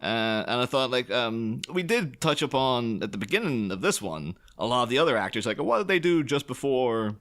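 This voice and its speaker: A man's voice: medium pitch, very animated, moderate pace, few pauses, fairly bright tone. A man co-hosting a podcast, talking through a film casually, rambling and laughing often as he mimics characters. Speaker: podcast co-host.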